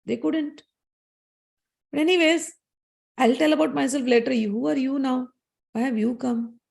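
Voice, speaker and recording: A woman voicing a calm goddess who teases and tests proud gods. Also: sits high, moderate pace, vocal fry. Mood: teasing. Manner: coolly amused, gently challenging.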